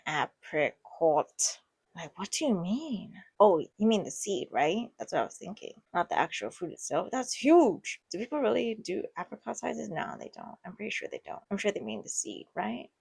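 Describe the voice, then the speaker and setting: A woman's voice: mid-range voice, big pitch swings, vocal fry, a little mellow, breathy edge. Giggly woman reacting to online posts. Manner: chatty, giggly, quick reactions. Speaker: online story reader and commentator. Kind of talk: casual reading and reacting.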